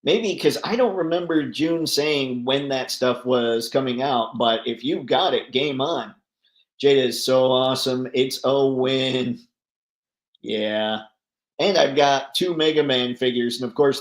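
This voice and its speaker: A man's voice: medium pitch, reverberant. Chatty man hosting a live chat. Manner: chatty, laughs often, reads comments aloud. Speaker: livestream host reading chat.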